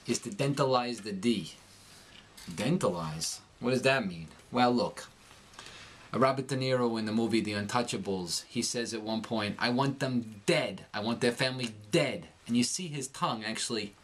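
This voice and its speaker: A man teaching an accent lesson, explaining the sounds and repeating drill words slowly and clearly. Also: fairly low pitch. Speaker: accent coach.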